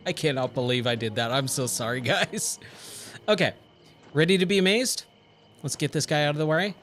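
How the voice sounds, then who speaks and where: A man's voice: medium pitch, normal speed, a bit bright. A man chatting casually on a gaming livestream, easily amazed and thanking viewers, with faint game music behind.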